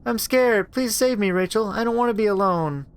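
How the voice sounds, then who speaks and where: A man voicing a monster that mimics a scared little girl, with a high pleading voice that turns into threats. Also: normal speed, clean tone.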